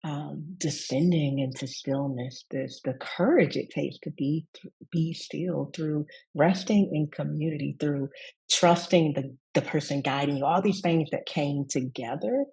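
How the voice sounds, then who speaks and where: A woman from the Deep South, a yoga teacher telling a personal story in conversation and often breaking into laughing asides and tag questions. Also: a little slow, vocal fry, darkish tone, husky, rough recording.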